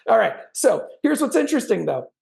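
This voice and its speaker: A man giving an animated sales training talk, acting out client conversations with bursts of energy. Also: very high voice, fairly quick, vocal fry. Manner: animated, acts out sales dialogues with big swings in energy.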